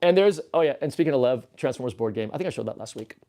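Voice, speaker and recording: A man's voice: mid-range voice, expressive, racing, warm tone. A man hosting a casual livestream from a toy-filled room, rambling goofily and reading the chat aloud. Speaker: livestream host.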